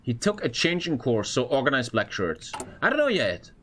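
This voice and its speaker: A man streaming a casual reaction to a video, swearing and breaking into excited outbursts. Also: medium pitch, normal speed.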